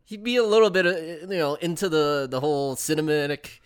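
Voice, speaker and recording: A man in his thirties co-hosting a casual podcast about movies, animated and laughing as he talks, often restarting his sentences. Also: on the high side, fairly quick, clean tone. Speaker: podcast co-host. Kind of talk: casual film discussion chat.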